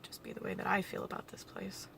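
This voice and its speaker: A young woman vlogging alone, talking in a halting, reflective way with nervous little laughs, emotional and close to tears. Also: fairly bright tone, slight background noise. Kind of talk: personal vlog monologue.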